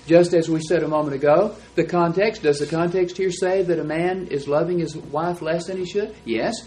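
A man with a somewhat high, slightly mellow voice teaches a Bible class, explaining texts in an emphatic, lecturing way. He stresses key words as he explains. The recording is rough.

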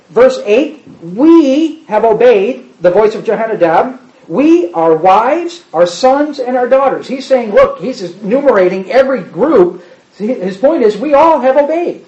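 High-voiced preacher in a roomy space. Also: male voice, darkish tone. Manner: explains verses with quick asides. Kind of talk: sermon with scripture reading. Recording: roomy, slightly muffled.

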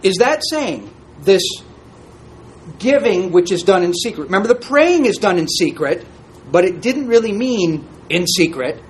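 A man's voice: high-pitched, sing-song, measured pace, slight background noise. A man teaching an interactive Bible class, reading scripture aloud and asking the group questions in a conversational way.

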